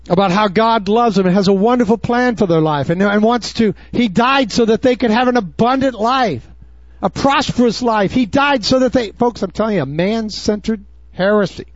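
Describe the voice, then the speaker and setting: Male preacher, high voice, emphatic and urgent, dull dry recording. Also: moderate pace, dry recording. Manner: emphatic, urgent, mocking asides. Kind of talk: sermon.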